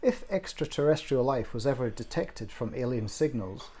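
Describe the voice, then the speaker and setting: A man narrating a short story with expressive, measured delivery. His voice is mellow and slightly husky, with a lively melodic range. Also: medium pitch.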